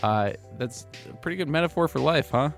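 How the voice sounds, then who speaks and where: A man's voice: fairly high pitch, animated, fairly quick, creaky, faint music behind. A man co-hosting a casual podcast, bantering loosely and joking with his partner before leading an interview. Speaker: podcast co-host.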